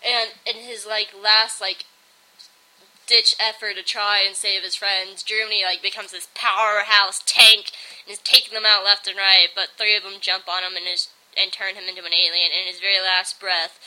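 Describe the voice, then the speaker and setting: A woman's voice: mid-range voice, level tone, moderate pace, pushed and bright, low-quality recording. A young woman giving a casual, bubbly review, rambling and filling her talk with "like". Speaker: video reviewer.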